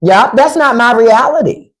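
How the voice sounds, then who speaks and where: Blunt, sarcastic woman with a lively pitch. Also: a little slow. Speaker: livestream and podcast host. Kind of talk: unscripted livestream commentary.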